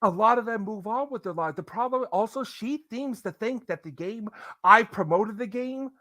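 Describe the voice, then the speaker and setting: A man's voice: high voice, moderate pace, pushed and bright, no echo, clean studio sound. A man hosting a podcast, ranting in casual, opinionated chat and breaking into impressions.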